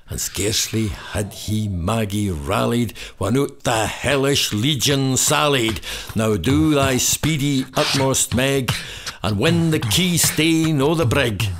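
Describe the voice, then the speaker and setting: A man giving a dramatic recitation of a narrative poem in a slow, theatrical storytelling manner. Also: medium pitch. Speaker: poetry reciter. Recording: steady background noise.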